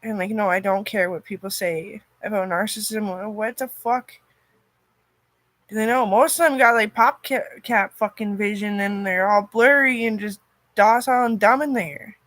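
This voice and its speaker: A woman in a rambling personal monologue, cursing often, her loudness swinging from loud outbursts to near-murmurs. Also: medium pitch, steady tone, normal speed, dry recording.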